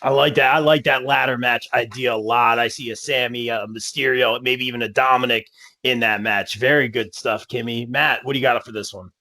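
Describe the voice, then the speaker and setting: A man's voice: medium pitch, fairly even intonation, fairly quick, pushed and bright, dry recording. Man hosting a panel, dry sound. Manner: affirming, hands off questions. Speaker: panel host. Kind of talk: moderating a panel chat.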